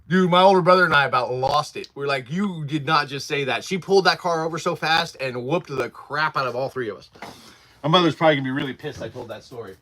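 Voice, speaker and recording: A man's voice: fairly high pitch, fast, pushed and bright. A man in his forties hosting a casual livestream from his workshop, rambling through stories and laughing often while answering chat. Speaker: livestream host.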